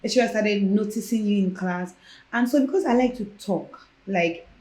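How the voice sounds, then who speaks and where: A woman's voice: mid-range voice, normal speed. A young woman with a Nigerian accent, a podcast guest who tells her personal story casually and acts out the lines of the people in it. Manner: animated, acts out quoted dialogue. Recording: roomy echo.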